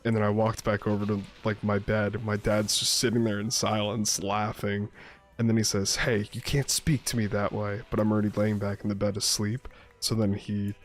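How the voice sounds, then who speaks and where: A man's voice: fairly low pitch, monotone, moderate pace. A man chatting casually while playing a game, telling rambling stories full of swearing. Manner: rambling, profane, laid-back storyteller. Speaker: streamer playing a survival game. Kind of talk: casual gameplay chat and storytelling.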